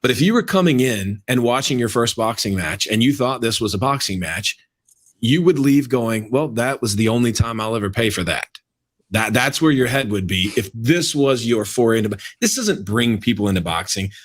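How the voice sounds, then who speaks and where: A man's voice: medium pitch, lively intonation, moderate pace. A man co-hosting a casual sports podcast, emphatic and repeating his points for effect. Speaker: podcast co-host.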